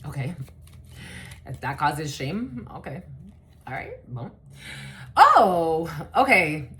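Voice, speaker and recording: A woman talks through a collective tarot reading in a loose, chatty way, her pitch rising and falling a lot. She curses casually and fills her pauses with "uh" and "okay.". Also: big pitch swings, a bit bright, a little hiss or hum. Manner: chatty, swears casually, many fillers. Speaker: tarot reader.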